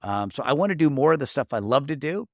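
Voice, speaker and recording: A man's voice: medium pitch, sing-song, quick pace, vocal fry, no echo, clean studio sound. A middle-aged man as a podcast guest, telling personal stories in an earnest, casual way with many restarts. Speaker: podcast guest, marketing coach. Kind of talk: casual interview talk.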